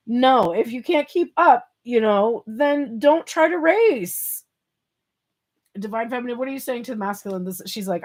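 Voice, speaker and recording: A woman's voice: a little high, moderate pace, a little mellow. A woman giving a casual tarot reading, chatty and playful, laughing often and swearing casually. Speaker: tarot reader.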